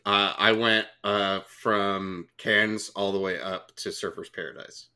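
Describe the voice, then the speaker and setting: Teasing podcast guy, jokey, bright voice. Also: lowish voice, steady tone, takes it slowly, smooth. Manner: joking, teasing, laughs a lot. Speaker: podcast co-host. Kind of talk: casual chat.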